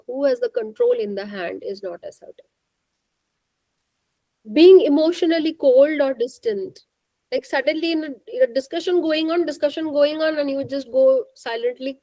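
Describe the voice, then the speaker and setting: Woman trainer, high mellow voice, dry close sound, coaching questions to the room. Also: no room sound, low-quality recording. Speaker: workshop trainer. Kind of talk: interactive faculty workshop talk.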